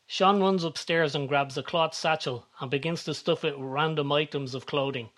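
Male storyteller, slightly high voice. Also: moderate pace, fairly bright tone. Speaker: narrator. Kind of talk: scripted narration.

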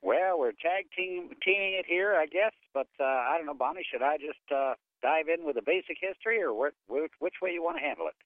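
A man from Philadelphia on a phone-in, relaxed and rambling, filling gaps with little pauses. The voice is dry and squeezed into a thin telephone band. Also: a little high, dry recording. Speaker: guest, ghost tour guide. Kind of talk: phone-in interview. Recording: tinny phone line.

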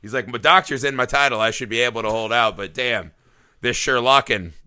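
A man's voice: medium pitch, a little fast, sharp tone, clear, resonant tone, dry recording. A man hosting a casual movie podcast, joking around loosely and swearing often. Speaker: podcast host.

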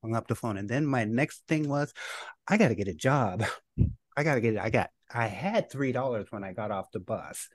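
A middle-aged man, a guest, recounting his life story in a casual, animated way and laughing at his own memories. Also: medium pitch, normal speed, dry recording, studio quality.

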